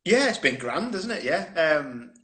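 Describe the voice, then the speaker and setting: A man's voice: on the high side, very animated, a little slow, background noise. A man chatting as a guest on a live phone stream, rambling through anecdotes and laughing often. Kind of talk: casual chat on a live stream. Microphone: phone on a video stream.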